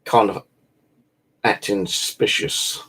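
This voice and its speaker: A man's voice: slow, fairly bright tone. A tired man, chatting casually and rambling, swearing now and then. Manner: meandering, full of "you know" and "like", swears casually. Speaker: bushcraft vlogger.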